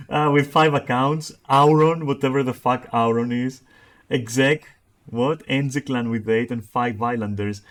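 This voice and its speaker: A man's voice: mid-range voice, fairly even intonation, measured pace. A man streaming live, reading chat messages aloud and reacting with profane, mocking commentary.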